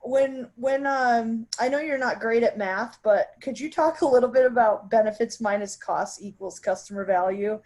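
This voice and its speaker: A woman moderating a webinar who asks a question hesitantly and haltingly, with many fillers. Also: fairly high pitch, darkish tone.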